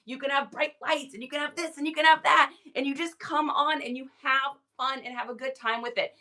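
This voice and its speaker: A woman's voice: high-pitched, steady tone, fairly quick, bright, forceful tone. A middle-aged woman hosting a live reselling stream, chatting casually with lots of energy and enthusiastic tangents. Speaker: livestream reseller host. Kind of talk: casual livestream chat.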